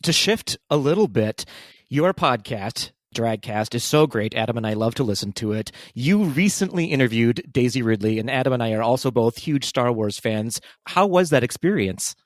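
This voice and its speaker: A man's voice: mid-range voice, animated, moderate pace, no echo. Chatty male podcast host, dry sound. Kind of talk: casual interview questions.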